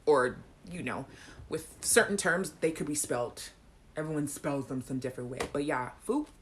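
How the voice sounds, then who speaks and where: A woman's voice: deep voice, moderate pace, slight background noise. A young Caribbean woman with a Caribbean accent, hosting a live chat show, reading viewer comments and chatting casually with frequent laughs and sung snippets. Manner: animated, laughs often, acts out song lines.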